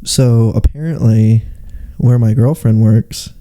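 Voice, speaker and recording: Very dark-voiced young man joking around. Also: medium pitch, fairly even intonation. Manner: joking, swears freely, quick asides. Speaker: podcast co-host. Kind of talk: casual chat.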